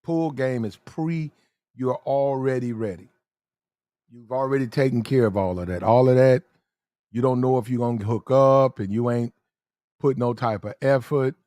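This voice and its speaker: A man giving blunt, slang-heavy dating advice in casual talk, drawing out his words slowly when he lists details. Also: mid-range voice, dark tone, no room sound, clean studio sound.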